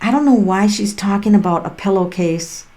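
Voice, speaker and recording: A woman's voice: medium pitch, normal speed, mellow. Chatty middle-aged woman reading tarot live. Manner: chatty and rambling, often breaking into laughs. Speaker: tarot reader hosting a live stream. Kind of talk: casual livestream chat while giving readings. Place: at home on a farm. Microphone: laptop built-in mic.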